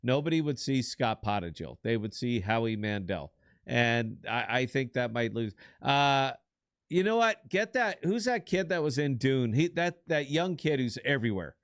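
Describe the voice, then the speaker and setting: Male co-host, middle pitch, blunt and rambling, dry close mic. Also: animated, moderate pace, no room sound. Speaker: podcast co-host. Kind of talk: casual chat.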